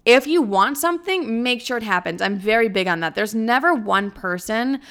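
A woman's voice: on the high side, lively intonation, moderate pace, a bit bright. A young woman chatting casually to camera in her apartment, giving bold dating advice in a cocky, profane way, full of "like.". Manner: brash, cocky, profane, lots of "like". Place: apartment at home.

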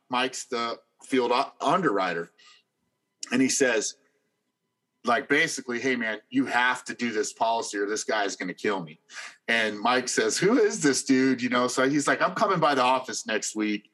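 A middle-aged man who works as an insurance agent, telling a story in an animated, emphatic way. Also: mid-range voice. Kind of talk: casual storytelling chat.

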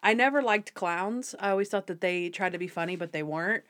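A woman's voice: lowish voice, brisk, dry recording. A young woman co-hosting a podcast, casually recapping a TV episode and animatedly acting out scenes. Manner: animated retelling, acts out scenes, laughs a lot. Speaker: podcast co-host.

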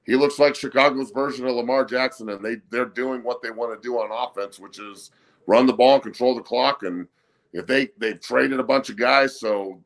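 A man's voice: medium pitch, moderate pace. A man appearing as a guest on a sports talk show, cursing freely in heated, casual sports chat. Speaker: guest commentator.

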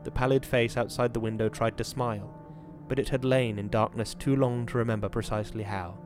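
A man hosting a podcast, giving a measured, dramatic reading of a horror novel and then chatting about it. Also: medium pitch, steady tone, over music. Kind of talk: dramatic reading and casual commentary.

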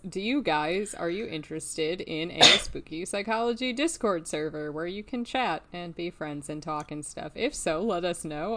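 Woman, podcast co-host, casual chat, slightly low voice, excitable, laughs often.

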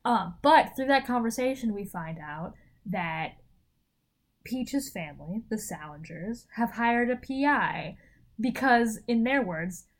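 A woman co-hosting a casual chat that recaps a TV show, animated and laughing, acting out quotes in exaggerated voices. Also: a little high, slow pace. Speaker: podcast co-host.

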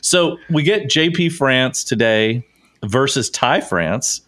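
A man hosting a casual sports podcast, excitable and often laughing. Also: mid-range voice, takes it slowly. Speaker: podcast host.

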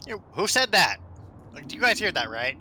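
A man's voice: sits high, moderate pace, slight background noise. A man playing a tabletop game, joking and bantering in character. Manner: jokey, excitable in-character banter. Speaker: player. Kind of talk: tabletop game play chat.

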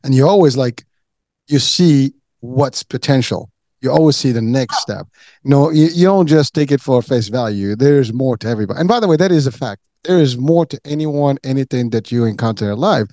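Guy host asking rambly questions, mellow voice, dry sound. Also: mid-range voice, expressive, a little fast, no echo. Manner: rambling, many restarts and fillers. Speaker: interview host. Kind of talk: conversational interview questions.

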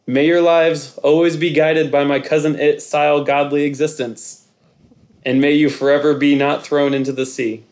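A man's voice: on the high side, flat delivery, moderate pace, darkish tone, natural voice. A man voicing a grandiose male god-leader handing down mock-solemn commandments to his followers. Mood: pompous. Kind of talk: comedic podcast bit.

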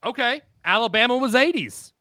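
A man's voice: very high-pitched, expressive, brisk, sharp tone. A man co-hosting a podcast game as a contestant, easygoing and laughing along. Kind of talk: casual joking banter.

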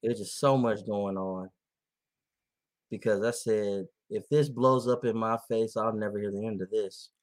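A man chatting casually on a podcast, telling animated stories and laughing often. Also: fairly low pitch, normal speed. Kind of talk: casual chat.

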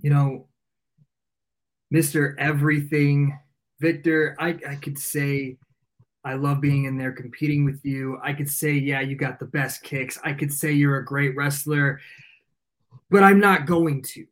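A pro wrestler guest cutting a cocky, taunting wrestling promo with a menacing edge. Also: male voice, on the high side, fairly even intonation, unhurried.

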